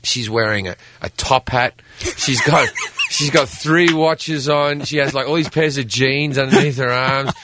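An Australian man, a comedian guest on a talk show, telling an animated comic story and acting out voices. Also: mid-range voice, unhurried, noisy background.

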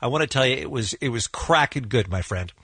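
A man's voice: medium pitch, animated, brisk, a bit bright, breathy edge, dry recording. A man hosting a morning radio show, laughing often and chatting enthusiastically with a guest in the studio. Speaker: radio host. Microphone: studio microphone.

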